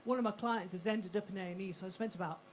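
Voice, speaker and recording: A woman performing a stand-up routine on a comedy club stage, with punchy, self-interrupting delivery and quick asides. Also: mid-range voice, a little hiss or hum.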